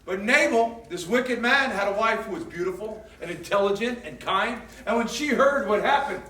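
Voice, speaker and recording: A pastor preaching with animated, emphatic storytelling in a very high, bright voice. He is recorded in an echoey church hall from some distance. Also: moderate pace. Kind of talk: sermon.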